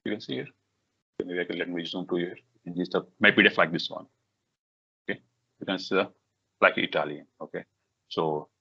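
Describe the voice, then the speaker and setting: A man with a low voice and a bright, forceful tone walks a class through software step by step. He talks in halting bursts, full of fillers and restarts, and says "okay" over and over. The recording is dull and lo-fi. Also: breathy edge. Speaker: workshop instructor. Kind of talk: live software tutorial.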